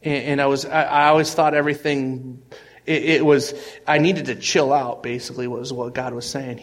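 A male pastor giving a conversational sermon, telling stories earnestly with frequent restarts and swings in loudness. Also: mid-range voice, steady tone, moderate pace.

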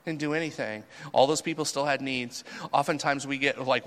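Speaking at a moderate pace in a mid-range voice, a male pastor delivers his sermon conversationally and with animation, playing out the people he talks about.

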